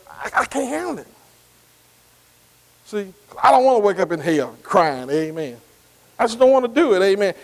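High-voiced preacher with emphatic cadence. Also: male voice. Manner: emphatic call-and-response, repeating "see" and "amen"; drawn-out, stressed scripture phrases. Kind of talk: sermon. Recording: long hall reverb.

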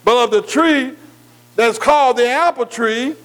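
A man preaching a sermon, who keeps asking his listeners "am I right?" and slowly spells out key words letter by letter. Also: very high voice, a bit bright, rough recording. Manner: asks the congregation "am I right?" again and again.

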